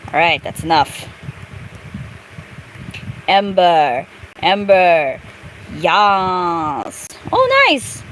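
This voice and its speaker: A woman's voice: mid-range voice, a little hiss or hum, poor audio. A young woman commenting casually on a game she plays, crude and chatty, talking back at the game. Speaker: gameplay streamer.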